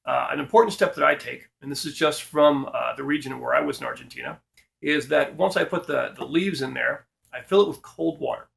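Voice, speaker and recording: A middle-aged man giving a casual instructional talk, relaxed, with frequent fillers and restarts. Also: medium pitch, brisk, vocal fry. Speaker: host.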